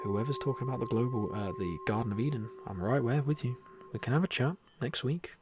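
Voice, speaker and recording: A man hosting a spiritual livestream, talking earnestly and repetitively, then softly whispering into a close microphone as he guides a meditation. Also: mid-range voice, a little fast, noisy background. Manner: earnest, repetitive, soft-spoken. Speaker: livestream host.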